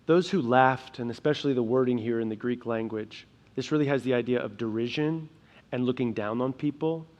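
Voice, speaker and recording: A young adult man preaching a sermon as pastor, earnest, shifting between quiet emphasis and loud, urgent passages. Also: medium pitch, lo-fi sound. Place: church sanctuary.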